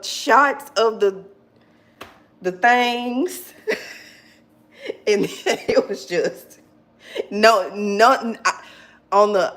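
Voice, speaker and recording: A woman in her forties hosting a casual live chat, who laughs often and answers viewers by name. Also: mid-range voice. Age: 40s.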